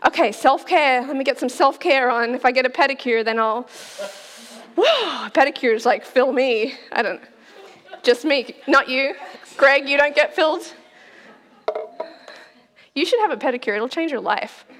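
A woman in her forties delivers a sermon in a chatty, playful way and laughs easily. Her voice sits high. The church hall around her leaves a long reverb. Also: lively intonation, a little slow, long pauses, a bit bright. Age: 40s. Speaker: pastor. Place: church auditorium.

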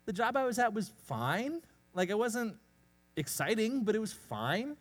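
A young man preaching a casual sermon, telling a personal story in a self-deprecating, animated way. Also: sits high, a little slow, soft background music. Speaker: pastor.

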